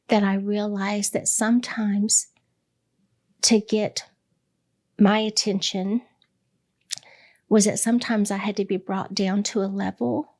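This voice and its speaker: Middle-aged woman guest; gravelly voice, mid pitch; candid, reflective storytelling with frequent pauses. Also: darkish tone. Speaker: hospice director, interview guest. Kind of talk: personal storytelling in an interview.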